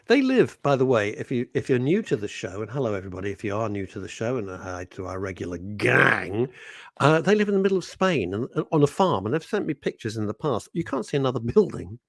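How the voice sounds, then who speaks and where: Give me a man hosting radio, chatty and teasing, with a very animated pitch. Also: quick pace, vocal fry, no room sound, studio quality. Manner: playful, teasing, laughs often, reads out messages in put-on voices. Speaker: radio host. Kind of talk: casual radio chat. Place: radio studio.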